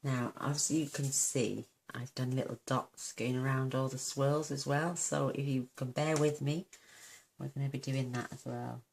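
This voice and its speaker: Soft-spoken woman with a gravelly voice. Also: a bass voice, steady tone, unhurried, slight background noise. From United Kingdom. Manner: soft-spoken, mumbles to herself, gushing. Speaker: card-making demonstrator. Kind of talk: crafting tutorial.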